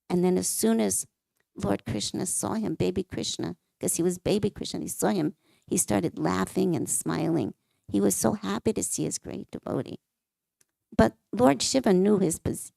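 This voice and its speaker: A woman telling devotional stories to a temple class, now and then acting out the characters' lines. Her voice is low and very gravelly, full of fry. The recording is close and completely dry. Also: mellow, no room sound. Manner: narrates scripture stories, acts out quoted lines.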